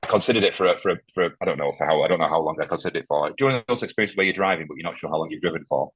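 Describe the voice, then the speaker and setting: Male guest, deep husky voice, quick and halting, emotional and candid. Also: a bit bright, no echo. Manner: halting, emotional, many restarts. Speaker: podcast guest, firefighter. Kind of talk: candid interview conversation.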